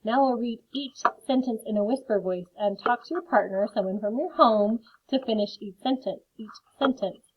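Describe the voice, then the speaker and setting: A woman's voice: fairly high pitch, normal speed, few pauses, slight background noise. A woman teaching a phonics lesson to children, carefully sounding out words and adding friendly chatty asides. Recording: phone-like lo-fi audio.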